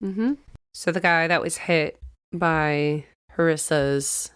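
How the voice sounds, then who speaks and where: A woman's voice: deep voice, takes it slowly, a bit bright, smooth, no echo, studio quality. A woman playing a tabletop game, casual and playful, grumbling jokingly at her dice. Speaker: player.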